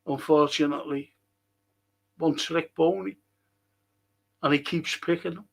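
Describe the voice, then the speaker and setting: A man's voice: on the high side, steady tone, measured pace, gravelly. A middle-aged man, hosting a casual football livestream and answering viewer comments bluntly, swearing often. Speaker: football podcast host.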